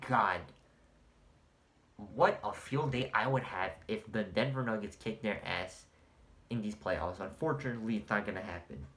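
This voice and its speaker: A man giving a profane, exasperated sports rant as the host of a vlog, mocking opposing fans and breaking into shouted outbursts. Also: medium pitch. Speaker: sports commentator. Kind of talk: ranting vlog monologue.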